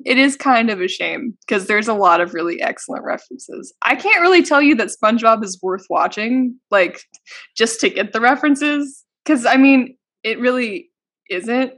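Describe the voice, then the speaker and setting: A woman's voice: on the high side, expressive, moderate pace, fairly bright tone. A young woman hosting a podcast, chatting casually with giggly, teasing enthusiasm. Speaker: podcast host. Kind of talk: casual chat.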